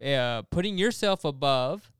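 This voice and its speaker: A man talks through a Bible passage in a casual, earnest way, building his point and rushing through asides. His voice is very smooth and clear, and the recording is dry and close. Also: fairly high pitch, no echo. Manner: earnest, explanatory, animated with quick asides. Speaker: podcast co-host. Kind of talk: casual Bible study discussion.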